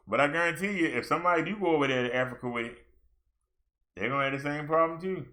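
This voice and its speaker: A male minister in casual livestream chat, joking around and getting excited when he reads out numbers. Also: a little high, quick pace. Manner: chatty, jokey, excited when reading numbers.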